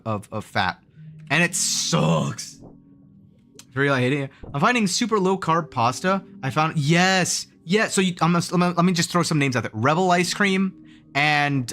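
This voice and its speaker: A man's voice: mid-range voice, sharp tone. A man streaming live, chatting casually with his viewers in a rambling way, full of restarts and fillers. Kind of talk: casual livestream chat with viewers.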